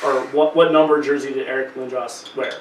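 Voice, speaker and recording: A man chats casually on a podcast, tossing in quick asides. His voice comes from a distance in an echoey room, with light background hiss. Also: mid-range voice, fairly even intonation. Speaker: podcast co-host. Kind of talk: casual chat. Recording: roomy, distant mic with faint noise.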